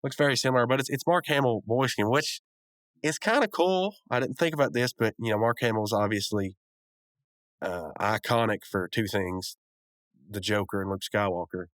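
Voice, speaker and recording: A man's voice: lowish voice, normal speed, fairly bright tone, dry recording, studio quality. A man hosting a podcast, giving a rambling, casual recap and review of a cartoon episode, with lots of fillers and restarts. He sounds a bit sick.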